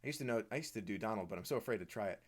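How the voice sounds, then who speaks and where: A man's voice: fairly low pitch, animated, racing. Chatty man hosting a live Q&A. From Washington, D.C. area. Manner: chatty, reads viewer comments aloud and answers. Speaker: host. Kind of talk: live stream Q&A.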